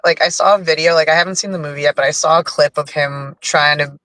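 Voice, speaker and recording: Bright-voiced blunt man on dry mic. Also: a little high, steady tone, fast talker, no room sound. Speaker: radio show co-host. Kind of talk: casual chat.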